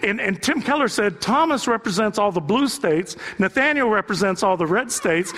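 A male pastor delivers a sermon in a high voice, keeping it loose and joking and tossing rhetorical questions to the congregation. His voice rings out in a large church with a long reverb trailing each phrase. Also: expressive, normal speed, hardly any pauses, fairly bright tone.

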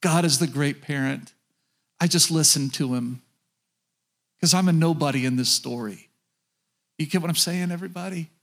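A middle-aged man delivers a sermon as a pastor. His voice sits a bit high for a man. He preaches in a conversational way and keeps turning to the congregation with direct questions. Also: normal speed, long pauses, fairly bright tone.

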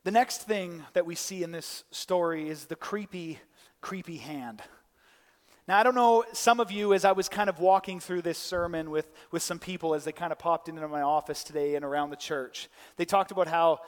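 A man's voice: fairly high pitch, moderate pace, big-room sound. A man preaching a conversational sermon, often restarting and adding side notes. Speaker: pastor. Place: church.

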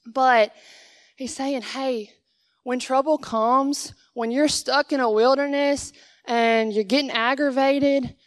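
Bright-voiced young woman preaching. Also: sits high, steady tone, slow, no echo. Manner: conversational, acts out dialogue with God. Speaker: guest speaker. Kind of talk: sermon. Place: church sanctuary.

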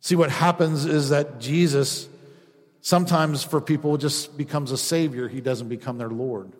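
Pastor delivering a sermon; man with a high, light voice, acts out quoted asides; long hall reverb. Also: fairly even intonation, moderate pace.

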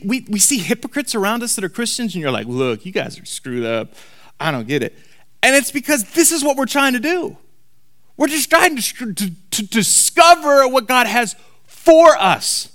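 A man preaching a sermon to a congregation. He talks emphatically and repeats key lines slowly for weight. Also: very high-pitched, sing-song, sharp tone. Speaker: pastor. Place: church hall before a congregation.

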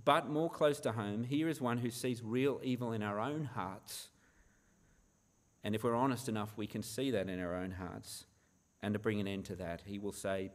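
A man, a pastor, preaching a sermon in an earnest manner, often asking the listeners rhetorical questions. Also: medium pitch.

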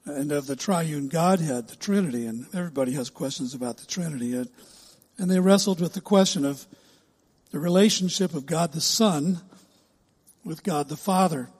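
Man, pastor, sermon, emphatic and measured, slightly breathy, echoing hall. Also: on the high side, darkish tone. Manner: measured, emphatic preaching with drawn-out words.

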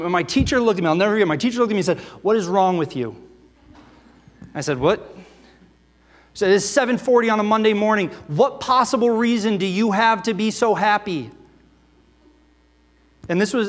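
A man preaching a sermon, earnest and full of rhetorical questions, reading scripture aloud between his own remarks. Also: fairly high pitch. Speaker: pastor. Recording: long reverb of a large hall.

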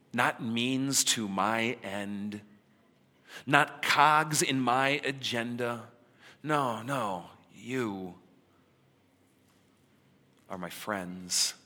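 A preacher doing a gentle male teacher who speaks low, slow and hushed, with a bright edge to the tone. The voice rings in a long hall reverb. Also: creaky, husky, heavily acted. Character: gentle, earnest male teacher addressing his friends.

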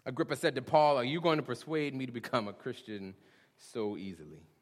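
A male pastor preaching a sermon, swinging between hushed questions and booming emphasis, with a casual "y'all". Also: brisk. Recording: long reverb of a large hall.

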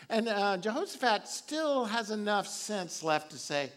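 A man's voice: sits high, expressive, unhurried, hardly any pauses, fairly bright tone. A man preaching a sermon, retelling a Bible story casually with chuckles and asides. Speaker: pastor.

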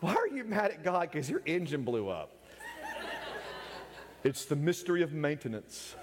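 Joking preacher with a lively voice. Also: male voice, fairly high pitch, normal speed, a crowd in the background. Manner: joking, teasing, laughs often. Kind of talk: humorous sermon. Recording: echoey hall with long reverb.

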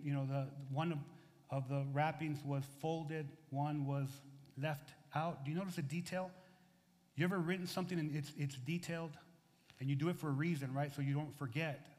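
A middle-aged male pastor from the United States delivering a sermon in an animated, conversational way. His voice sits high for a man and carries a long reverb tail through the church hall. He throws questions at the congregation and drops into quieter asides between bursts of emphasis. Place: church sanctuary.

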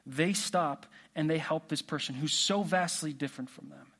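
A man preaching a sermon in a relaxed, conversational way, asking the congregation questions. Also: fairly high pitch, normal speed, vocal fry, breathy edge. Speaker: pastor.

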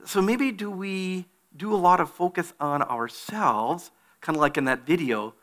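Male pastor, bright tone, a touch high, reading scripture and preaching. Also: normal speed, few pauses. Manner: reads scripture aloud, then preaches with animated put-on voices. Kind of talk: sermon.

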